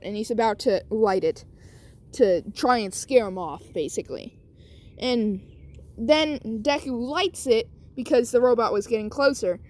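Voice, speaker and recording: A woman's voice: a little high, darkish tone. A woman casually telling an improvised story, rambling with lots of asides. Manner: rambling, many fillers and asides.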